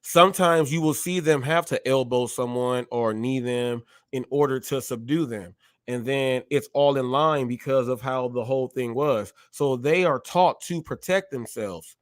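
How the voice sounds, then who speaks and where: A man hosting a live stream, talking in an animated way, often repeating himself and acting out short exchanges. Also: medium pitch, a little slow, no room sound, studio quality. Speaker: show host.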